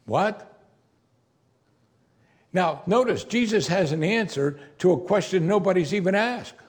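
A man's voice: high-pitched, moderate pace. A man preaching an expository sermon in a conversational way, now and then acting out the words of the people in the story. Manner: animated, conversational, playfully acts out quoted lines.

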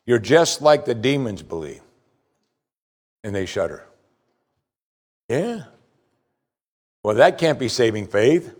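A man preaching a sermon with emphatic delivery, swinging between loud stress and quiet asides. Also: medium pitch, very animated, slow pace, pauses often. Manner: emphatic preaching, rising and falling in volume. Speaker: pastor.

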